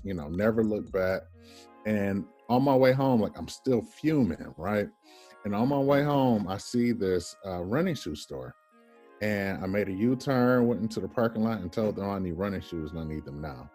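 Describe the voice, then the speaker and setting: A man in his thirties, a podcast guest telling an animated personal story and acting out the people in it. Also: lowish voice, normal speed, soft background music. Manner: animated storyteller, acts out quoted voices, laughs often.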